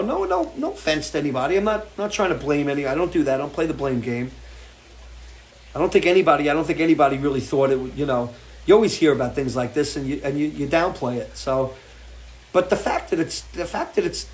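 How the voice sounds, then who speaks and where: A man hosting a live music show, talking off the cuff in an impassioned, swearing rant full of restarts. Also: on the high side. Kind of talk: off-the-cuff livestream talk. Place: home porch.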